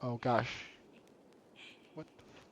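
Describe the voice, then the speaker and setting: A man commentating a game playthrough with excitable, jumpy reactions, heard in a dull, lo-fi recording. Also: slow pace, slight background noise. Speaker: gameplay commentator. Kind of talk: let's play commentary.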